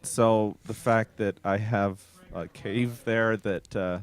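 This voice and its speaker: A man co-hosting a podcast with teasing, deadpan jokes in casual chat. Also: fairly low pitch, slow pace, clear, resonant tone. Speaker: podcast co-host.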